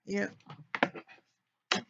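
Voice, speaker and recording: A man with a bright, forceful tone draws out his words, with a little hiss or hum on a dull lo-fi recording. He's a let's play storyteller, casually narrating a story he builds in a life-simulation game. He rambles, often corrects himself, and sounds apologetic.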